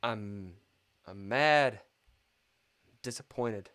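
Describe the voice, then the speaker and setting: A man's voice: lowish voice, drawn-out words, fairly bright tone, smooth. A man streaming a live chess game, muttering and swearing in frustration at his own moves, complaining of a dry mouth.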